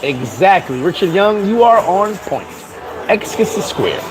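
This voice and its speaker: High-voiced man ranting outdoors. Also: measured pace, over music, rough recording. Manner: emphatic, animated storytelling. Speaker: vlogger. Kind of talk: casual commentary rant.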